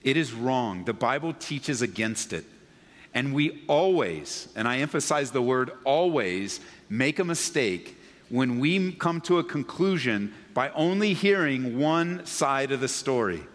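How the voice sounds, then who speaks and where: Pastor, male, mid-pitched, emphatic, repeats his points, long church-hall reverb. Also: lively intonation, a little slow, fairly bright tone. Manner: emphatic, repeats key phrases, rhetorical questions; addresses the congregation directly. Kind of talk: sermon.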